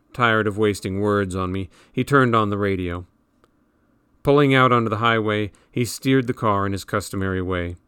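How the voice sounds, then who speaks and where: A man reading a novel aloud in measured, wry audiobook narration. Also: fairly low pitch, fairly bright tone, clean tone, no echo, studio quality.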